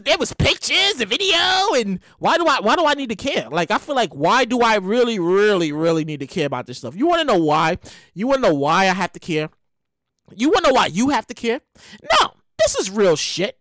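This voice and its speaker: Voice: high-pitched, dry recording, studio quality. A solo show host giving casual, rambling celebrity news commentary, slangy and profane, repeating lines for effect. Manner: animated, rambling, repeats lines, curses freely; slangy, conversational delivery.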